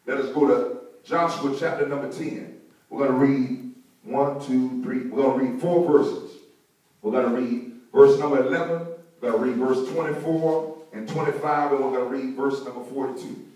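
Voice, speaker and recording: A man's voice: medium pitch, steady tone, moderate pace, darkish tone, distant mic. A male pastor preaching a sermon in a church, rhythmic and calling for responses from the congregation. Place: church sanctuary. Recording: echoey church hall, mic from afar.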